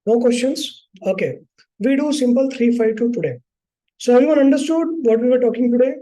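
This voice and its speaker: A man with an Indian English accent teaches a psychology course in a loose, conversational way. His voice sits high, with a dark and mellow tone. He keeps checking in with his students. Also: animated, brisk, poor audio. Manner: informal, repeats "okay" and "right", acts out clients. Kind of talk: live online class teaching.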